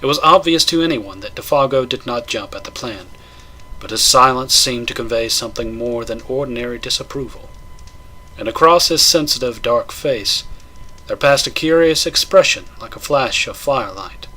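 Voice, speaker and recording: A male narrator reads a classic tale aloud at a measured storytelling pace. His voice sounds bright and forward. It carries a light husky grain throughout. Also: mid-range voice. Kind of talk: dramatic audiobook narration.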